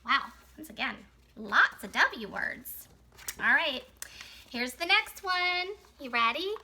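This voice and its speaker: High, bright teacher reading to little kids. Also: female voice, takes it slowly. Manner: animated, sing-song storytime voice with gasps and cheers. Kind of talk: reading a picture book aloud to young children.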